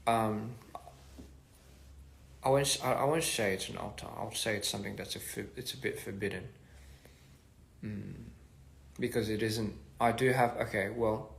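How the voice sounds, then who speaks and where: A young man casually chatting on a phone livestream, reading fan comments aloud with halting restarts and many fillers. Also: on the low side, creaky. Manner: halting, many restarts and fillers, switching between English and Korean. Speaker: musician hosting a livestream.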